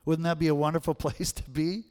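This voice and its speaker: A male pastor delivers a conversational sermon in a church sanctuary, repeatedly checking in with the congregation by asking "right?". His fairly high voice is a bit fast with fairly even intonation and a darkish, clear, resonant tone, followed by a long reverb tail.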